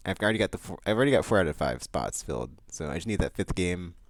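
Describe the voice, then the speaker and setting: Deep-voiced man rambling casually. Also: fast, no room sound. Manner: loose, rambling, many fillers and restarts; excitable outbursts about upcoming games. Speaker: vlog host. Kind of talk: casual rambling monthly vlog chat.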